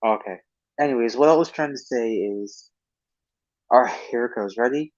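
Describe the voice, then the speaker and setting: A stream host chats casually over lo-fi online voice chat, enthusiastic and talkative, laughing often. His voice is medium-pitched and a little mellow, at a moderate pace.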